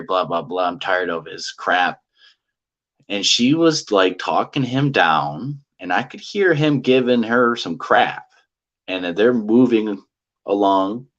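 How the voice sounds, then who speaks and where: A man's voice: low-pitched, a bit bright. A man telling a personal encounter story in a casual, rambling way, repeating himself and using lots of fillers. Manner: rambling and repetitive, with many fillers. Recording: dull lo-fi audio.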